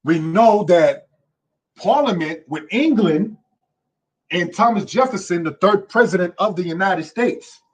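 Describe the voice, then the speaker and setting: Husky preacherly man teaching history. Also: high voice, animated, a little slow. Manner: repeats "you understand?" and "brothers and sisters"; emphatic, preacherly. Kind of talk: history lesson.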